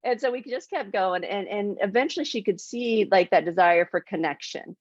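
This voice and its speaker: A woman hosts a podcast interview at a mid pitch. She talks with enthusiasm, backs her guest up and explains her ideas. Her voice comes over a dull, dry remote connection. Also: moderate pace, no echo. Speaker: podcast host.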